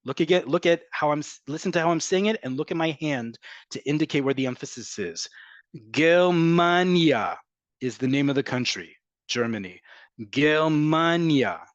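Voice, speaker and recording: A man's voice: mid-range voice, quick pace, dry recording, lo-fi sound. A man teaching a live online Hebrew class, emphatic and repetitive, drilling pronunciations and addressing viewers as folks. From from an American family.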